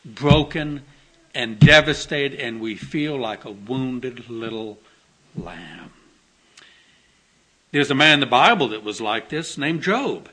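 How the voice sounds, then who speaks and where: Earnest bright-voiced preacher man. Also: mid-range voice. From Texas. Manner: gentle, earnest storytelling with soft dips and tender emphasis. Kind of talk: sermon.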